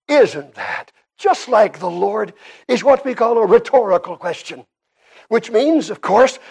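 Preaching with a Canadian accent, this man speaks in a very high register with vocal fry. His delivery is forceful, alternating soft passages with loud ones.

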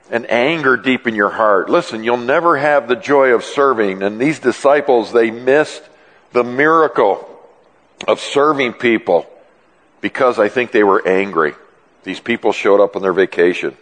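A male pastor preaching a sermon in an animated, joking way, often acting out dialogue. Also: mid-range voice, normal speed. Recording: long reverb in a large hall.

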